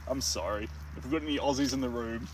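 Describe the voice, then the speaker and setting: A man's voice: mid-range voice, fast. A man with a New Zealand accent, chatting jokily with viewers while painting outdoors. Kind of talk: casual livestream chat. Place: outdoors in the wild. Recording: distant mic with outdoor noise.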